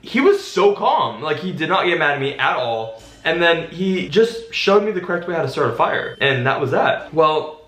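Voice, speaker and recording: A young man in a casual storytime vlog, telling a story in an animated, dramatic way. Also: fairly high pitch, normal speed, roomy sound. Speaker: vlogger.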